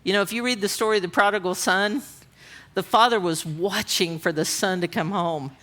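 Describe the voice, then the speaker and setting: A woman's voice: medium pitch, moderate pace, a bit bright. A woman giving a conversational, humorous sermon at a women's conference, often asking the audience questions. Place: church auditorium.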